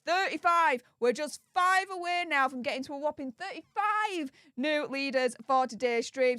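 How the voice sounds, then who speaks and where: An English woman with a Yorkshire accent hosts a casual livestream, her high voice pushed and bright in a dry, studio-quality recording. Bubbly and effusive, she gives viewer shout-outs, greeting them one after another.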